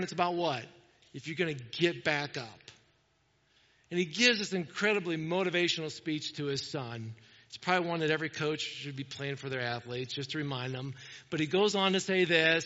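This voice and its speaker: Male pastor, sermon, bright ringing voice, higher pitch, emphatic repeated calls, long church-hall reverb, muffled audio. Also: normal speed. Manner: preaching with rising, emphatic repetitions.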